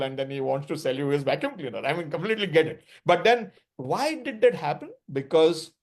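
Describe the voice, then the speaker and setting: A man with an Indian accent answering interview questions as a sales expert, emphatic and animated, speaking over a video call. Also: a little high. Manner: emphatic, animated, full of restarts.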